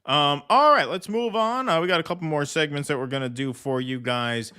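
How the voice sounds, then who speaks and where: A man's voice: on the high side, a little fast, bright, forceful tone, clean tone. A man hosting a casual political commentary stream, blunt, sarcastic and profane. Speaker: host.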